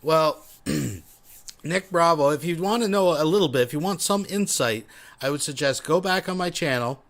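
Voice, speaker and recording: A man's voice: fairly high pitch, expressive, moderate pace, fairly bright tone. Wry male livestream host. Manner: wry, says "folks" often. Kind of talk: casual livestream commentary.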